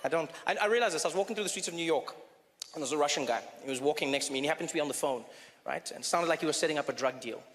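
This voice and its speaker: A male stand-up comedian performing on a club stage, energetic and often shouting. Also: on the high side, rapid-fire, slight background noise. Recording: reverberant club with faint ambience.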